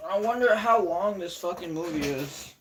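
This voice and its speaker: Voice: medium pitch, expressive, normal speed, slight background noise. A young adult live streamer chatting casually, rambling and correcting themself often, with frequent swearing. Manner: rambling, self-correcting, profane.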